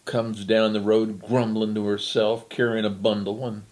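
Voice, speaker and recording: An older man telling a story in a relaxed, chatty, folksy way. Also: on the low side, normal speed.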